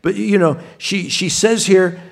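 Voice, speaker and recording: Man preaching a conversational, slightly high sermon. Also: a little slow, gravelly. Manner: conversational, frequent word repeats and restarts; addresses the congregation directly. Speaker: pastor.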